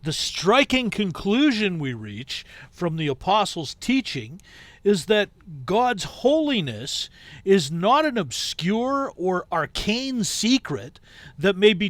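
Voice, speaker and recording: A man hosting a podcast, reading a book aloud in a measured way and breaking off into casual asides. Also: high-pitched, sing-song, no room sound. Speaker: podcast host.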